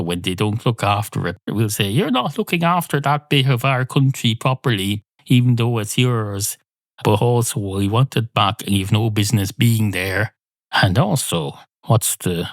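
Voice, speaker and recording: A man's voice: medium pitch, dry recording. Wry Irish man rambling on his podcast. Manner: deadpan, wry, digressive, swears casually. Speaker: comedy podcast host. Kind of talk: rambling comic monologue. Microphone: close studio mic.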